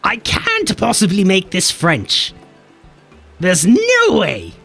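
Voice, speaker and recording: A man with an Irish accent, chatting playfully on a game live stream and jumping between deep and high voices. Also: huge pitch swings, takes it slowly, gravelly, bright, forceful tone, faint music behind. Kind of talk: casual live-stream chat.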